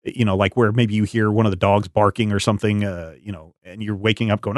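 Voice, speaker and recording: A middle-aged man with a lowish voice talks loosely, full of ums and restarts as he tells a story. The sound is close and dry, with no room around it. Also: fairly even intonation, fast talker, no echo. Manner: rambling storyteller with many fillers. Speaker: podcast host. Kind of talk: casual chat.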